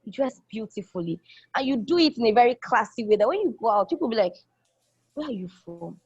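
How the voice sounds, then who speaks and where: A woman's voice: fairly high pitch, animated, quick pace, darkish tone, slightly rough, no echo. A young woman, a college student speaking in an enthusiastic, casual testimonial that repeats phrases for emphasis. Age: young adult. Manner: enthusiastic, repeats phrases, acts out quoted people. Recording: dull lo-fi dry recording.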